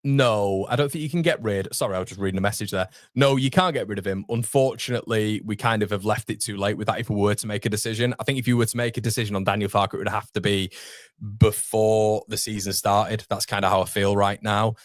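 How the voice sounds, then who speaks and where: A man's voice: fairly low pitch, steady tone, quick pace, no room sound, clean studio sound. A young man hosting a live football fan stream, chatting casually and reading viewer comments aloud. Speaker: fan channel host. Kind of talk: live football watchalong chat.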